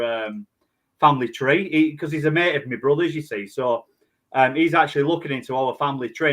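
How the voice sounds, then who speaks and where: A man's voice: fairly high pitch, a bit bright. A man co-hosting a casual podcast, telling stories in a rambling way with many restarts. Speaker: podcast co-host. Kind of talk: casual chat.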